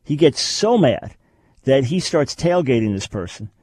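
A man's voice: mid-range voice, big pitch swings, measured pace, darkish tone, husky, no room sound. A man hosting a radio talk show, teaching in an emphatic way and repeating his key phrases.

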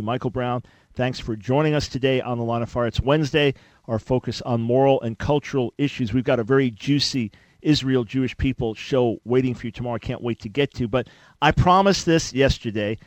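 A man's voice: medium pitch, no echo. Emphatic male radio talk host. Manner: emphatic, conversational, with sudden bursts of emphasis. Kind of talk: radio talk show monologue.

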